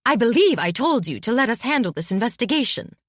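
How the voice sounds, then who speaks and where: Woman doing stern headmistress, clipped and fed up, a bit higher voice, dry close audio. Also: big pitch swings, fast talker, no room sound. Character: stern middle-aged headmistress, exasperated.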